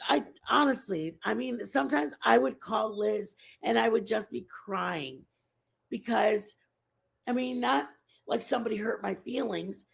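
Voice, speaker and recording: A woman's voice: on the high side, gravelly, slightly rough. A woman hosting a casual livestream, chatting with viewers in a rambling, repetitive way. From Mexican family background. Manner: rambling, chatty, repeats herself. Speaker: livestream host. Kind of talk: casual chat with live viewers.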